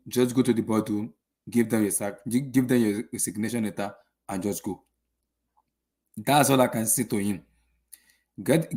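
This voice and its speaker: A young man hosting a casual football channel, ranting after a match with exasperated rhetorical questions and lots of repetition. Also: on the low side. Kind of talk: casual post-match rant.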